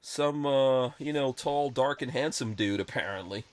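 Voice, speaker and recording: Blunt, rambling podcast host. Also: male voice, medium pitch, a little slow, clean tone, no echo. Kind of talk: casual chat.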